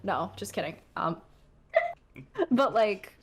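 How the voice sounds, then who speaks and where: A woman's voice: medium pitch, wildly swooping pitch, takes it slowly, slightly rough. A young adult woman chatting casually as an interview guest, full of filler words and self-deprecating asides. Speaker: guest, streamer.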